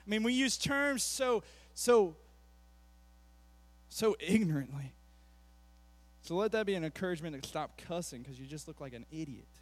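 A man preaching a sermon as a youth pastor, animated, with rapid asides between slow, emphatic phrases. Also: fairly high pitch. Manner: animated, acts out quotes in a mocking voice.

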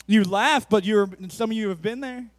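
A man preaching a sermon as a youth pastor, animated, with rapid asides between slow, emphatic phrases. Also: high voice, no room sound. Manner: animated, acts out quotes in a mocking voice.

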